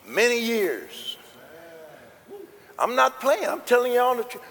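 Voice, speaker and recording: Gravelly high-voiced preacher shouting amens. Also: male voice, sing-song, takes it slowly, big-room sound, faint music behind. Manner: emphatic, punctuated with frequent amens, building to shouts. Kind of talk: sermon. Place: church.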